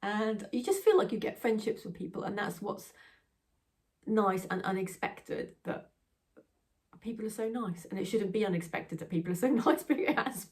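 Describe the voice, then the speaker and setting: A woman's voice: medium pitch, animated, moderate pace, darkish tone, far from the mic. A woman from England hosting her craft channel, chatting in a rambling, self-deprecating way with frequent laughs and getting tearful. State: tearful, emotional. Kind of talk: casual chatty vlog.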